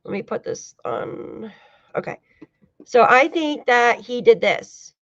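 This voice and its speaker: A woman's voice: fairly high pitch, animated, slow, a bit bright, dry recording. A woman hosting a casual true-crime livestream, talking loosely to her chat, swearing now and then and laughing often. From United States. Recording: dull lo-fi dry sound.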